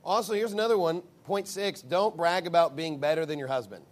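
A man delivers sermon-style advice in a fairly high voice, animated as he talks. He slips into little acted-out quotes of other people as he goes. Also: fairly quick.

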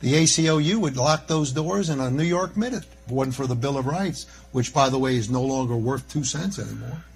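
A man's voice: medium pitch, brisk, vocal fry, few pauses. An older man preaching a sermon in a folksy, rambling way, full of jokey asides.

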